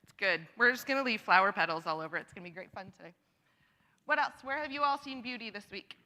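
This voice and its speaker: A woman's voice: medium pitch, expressive, fast talker, bright, forceful tone. A woman leading a church congregation in sharing time, chatty and encouraging, laughing often. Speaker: church worship leader. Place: church sanctuary. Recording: long reverb of a church hall.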